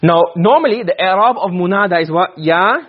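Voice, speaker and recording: A man teaching Arabic grammar to a class, asking questions and answering them himself, and reciting verses slowly. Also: sits high, narrow, tinny audio, a little hiss or hum. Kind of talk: classroom lecture.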